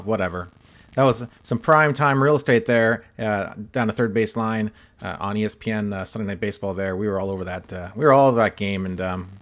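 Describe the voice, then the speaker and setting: Rambling, wry man chatting casually. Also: lowish voice. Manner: rambling, filler-heavy, wry self-deprecating humor. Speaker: sports card collecting vlogger. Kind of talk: casual chat while opening mail.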